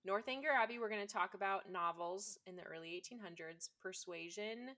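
A woman's voice: mid-range voice, brisk, pushed and bright. A woman chatting casually and enthusiastically, with lots of fillers. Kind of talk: casual chat.

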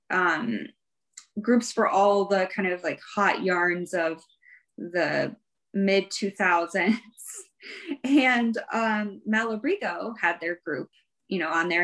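A woman's voice: medium pitch, a bit bright, poor audio. A woman guest in a casual interview, telling her story in a rambling, chatty way with light laughs. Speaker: guest, fiber arts professional.

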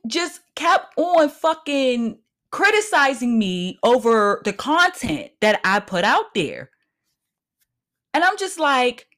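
A woman's voice: high voice, very animated, measured pace, a bit bright. A woman hosting her own podcast, ranting in a heated, emphatic and profane way. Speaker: podcast host. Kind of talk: solo podcast rant.

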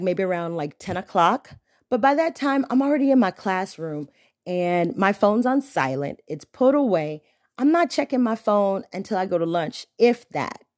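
A young woman hosts her podcast close to the mic, with a dry, dead sound. She chats casually and uses slang. Her pitch leaps high when she gets indignant. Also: no room sound. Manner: animated, exclaims with sharp pitch jumps when indignant; slangy, conversational. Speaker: podcast host. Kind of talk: casual storytelling monologue.

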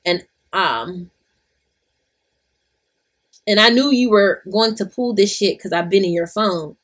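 A woman voicing a fed-up, sassy male boyfriend, drawing out her words with a husky edge. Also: mid-range voice, a bit bright. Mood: scornful. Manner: drawn-out, sassy.

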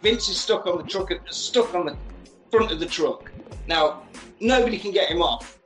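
A man recapping a film in a lively, casual and sweary way, acting out the lines as he goes. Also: high voice, moderate pace. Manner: animated, swears freely, acts out quotes. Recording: roomy echo, faint music.

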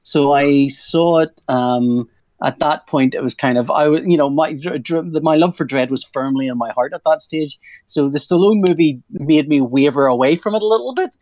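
A man's voice: fairly high pitch, moderate pace, a little mellow, no echo. A man in his forties, a comic artist talking casually in an interview, rambling and restarting his sentences with a joking streak. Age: 40s. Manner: rambling, self-interrupting, jokey.

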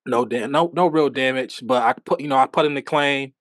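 A man co-hosting a casual chat podcast, telling stories in an animated way and laughing often. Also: mid-range voice, fairly quick, no echo. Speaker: podcast co-host.

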